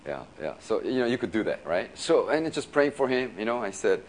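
A male pastor preaching in a casual, storytelling way, laughing often and filling his talk with "you know" and quick restarts. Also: mid-range voice, sing-song. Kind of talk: sermon storytelling.

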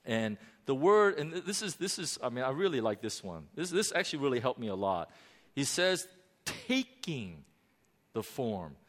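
A man preaching a sermon with animated emphasis, dramatic pauses and frequent restarts. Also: medium pitch. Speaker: pastor. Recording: long hall reverb.

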